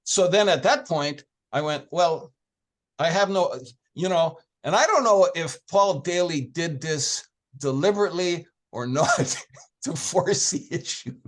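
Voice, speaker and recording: This man speaks in a fairly high voice for a man. He tells his story in a chatty, anecdotal way as an interview guest and retells past conversations as he goes. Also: lively intonation, a little slow. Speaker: founder of an organization, interview guest.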